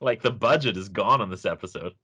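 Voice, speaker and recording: A man's voice: lowish voice, fairly quick, pushed and bright, husky. A man co-hosting a casual review podcast, laughing often and making sarcastic asides. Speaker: podcast co-host.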